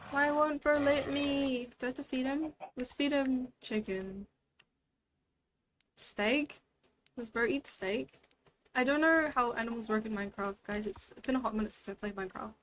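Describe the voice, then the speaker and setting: A woman's voice: sits high, steady tone, moderate pace, fairly bright tone, a little hiss or hum. A woman giving a playful, chatty language lesson while streaming a game. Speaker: VTuber language teacher.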